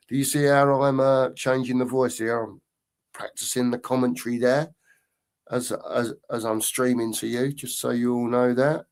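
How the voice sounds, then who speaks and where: A man's voice: mid-range voice, fairly even intonation, moderate pace, a little mellow. A man hosting a casual livestream, reading out viewer comments and bantering with them by name. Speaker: host.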